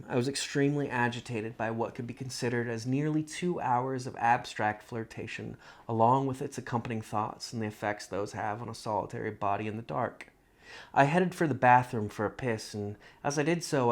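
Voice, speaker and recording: A man reading his own literary love story aloud in a measured, reflective first-person narration. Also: mid-range voice.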